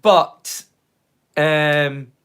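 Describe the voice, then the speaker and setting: A man's voice: fairly high pitch, steady tone, drawn-out words, fairly bright tone, clean tone. A man with a Scottish accent hosting a live watch-along stream, chatting casually and rambling playfully into silly rhymes and jokes. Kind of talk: casual livestream chat.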